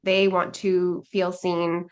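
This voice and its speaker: A woman's voice: lowish voice, flat delivery, takes it slowly, clean tone. A woman guest on a podcast, a life coach speaking in an earnest, reflective way with many filler likes. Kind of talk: casual interview chat.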